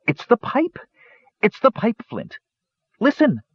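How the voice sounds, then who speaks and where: An excitable childlike kender. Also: male voice, slow, slightly rough, no room sound, highs cut off, full character voice. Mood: urgent. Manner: breathless, high, eager exclamations. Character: excitable small male kender, childlike, eager.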